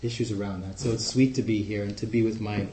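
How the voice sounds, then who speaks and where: Man, New York accent, low mellow voice, chatty guest speaker, echoey room. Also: quick pace, slight background noise. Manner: relaxed, chatty, warm humor. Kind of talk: informal talk to a group.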